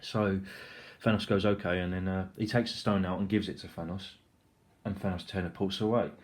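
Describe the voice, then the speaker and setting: A young man giving a casual, rambling film review, excitable and full of swearing and filler words. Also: low voice, fairly quick.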